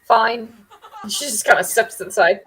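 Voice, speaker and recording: A woman's voice: on the high side, unhurried, crowd noise. A woman player describing her character's actions playfully in a tabletop game. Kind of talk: casual chat in a tabletop game.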